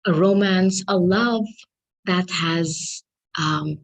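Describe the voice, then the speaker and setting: Woman, tarot reader, low-pitched, earnest, affectionate, spiritual. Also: very slow, poor audio. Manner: earnest and affectionate, addresses listeners as darlings; spiritual, invokes angels. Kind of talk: tarot reading to camera.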